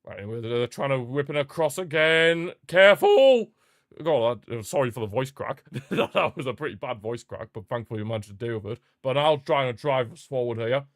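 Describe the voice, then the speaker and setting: A man hosting a live football watchalong, chatting excitedly, reacting to the match and answering viewer comments. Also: mid-range voice, brisk, few pauses, dry recording, studio quality. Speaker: watchalong host.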